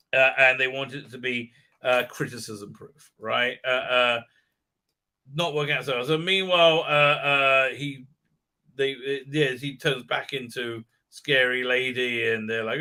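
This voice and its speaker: A man's voice: a little high, sharp tone. A man ranting through a profane, mocking recap on a live stream, stammering over fillers and mimicking characters. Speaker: show host recapping a series.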